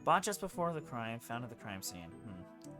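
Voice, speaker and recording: A man's voice: mid-range voice, sing-song, normal speed, over music. A man hosting a live stream, chatting casually with friends and viewers. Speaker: streamer host.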